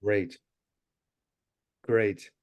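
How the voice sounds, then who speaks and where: A male interviewer asking short questions and giving quick, encouraging replies in a casual chat. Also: lowish voice, steady tone, lo-fi sound. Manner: brief, encouraging questions and affirmations.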